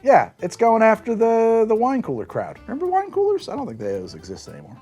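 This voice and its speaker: A man's voice: high-pitched, huge pitch swings, fairly quick, warm tone, slightly rough, faint music behind. A man hosting a comedic cider tasting review, sarcastic and scolding the drinks directly as if they could hear him. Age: adult, says he is not that old. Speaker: drinks show host.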